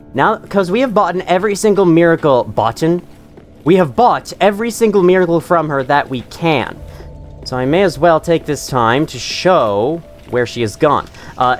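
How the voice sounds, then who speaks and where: Rambling man narrating his gameplay. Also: medium pitch. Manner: rambling, self-mocking, chuckles to himself. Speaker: gaming channel host. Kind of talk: let's play commentary.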